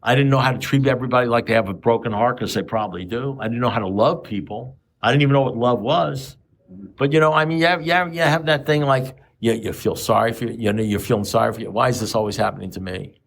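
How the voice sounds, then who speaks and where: A man in his seventies speaks fast at a recovery meeting, his medium-pitched voice carrying vocal fry. He's an AA speaker giving a blunt, profane talk, firing off one rhetorical question after another.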